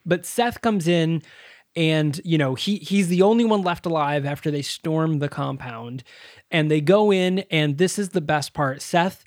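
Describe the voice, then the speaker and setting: A woman's voice: low-pitched, measured pace, dry recording, clean studio sound. A woman co-hosting a podcast, retelling a movie scene by scene in casual, swear-laden chat. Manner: animated, swearing, acting out scenes with laughs. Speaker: podcast co-host.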